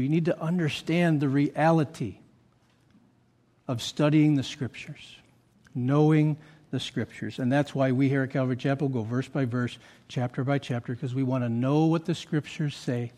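A man preaching as a pastor, reading scripture aloud and asking his listeners questions, moving between quiet low asides and loud emphatic lines. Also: steady tone, normal speed. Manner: reads scripture aloud, then asks the congregation questions. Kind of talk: expository sermon.

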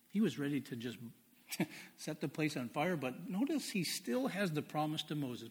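A man preaching a sermon in a conversational way, reading scripture slowly and with emphasis. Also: a little high, big pitch swings, a bit bright, breathy edge. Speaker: pastor.

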